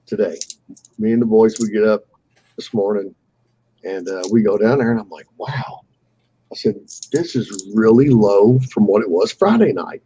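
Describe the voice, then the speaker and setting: A man's voice: fairly low pitch, moderate pace, dark tone, husky, low-quality recording. A man telling a fishing story on a live call, casually and with animation, swearing freely and acting out the voices of the people he quotes.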